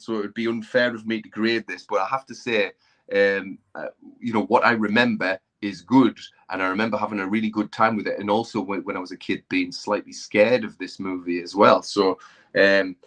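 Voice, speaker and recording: A man's voice: on the low side, fairly even intonation, fairly quick, a bit bright. A man co-hosting a casual movie review chat, laid-back and hesitant, with lots of fillers. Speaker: podcast co-host.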